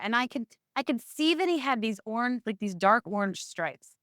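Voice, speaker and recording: A middle-aged woman telling a long story as an interview guest, chatty and animated. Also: a little high, moderate pace, smooth, dry recording, studio quality. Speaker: podcast guest.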